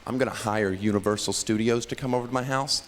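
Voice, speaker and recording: A man doing a stand-up routine, telling a story with animated delivery and acting out characters' voices. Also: mid-range voice, fast. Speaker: stand-up comedian. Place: comedy stage. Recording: echoey noisy live stage recording.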